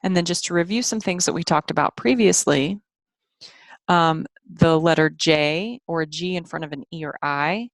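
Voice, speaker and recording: A woman's voice: low voice, moderate pace, dry recording. A woman teaching French phonics in a patient screen-share lesson, repeating sounds so learners can follow along.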